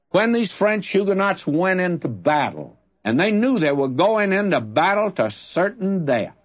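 A man teaching through a Bible passage in a slow, emphatic preaching cadence, repeating key phrases. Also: mid-range voice, no echo, highs cut off.

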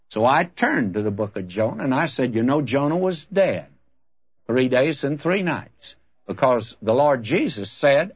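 A man's voice: medium pitch, slightly rough. An older man, a preacher, telling a story in a sermon and acting out both sides of a conversation in a folksy way. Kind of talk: radio-style sermon with storytelling. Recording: dull lo-fi old recording.

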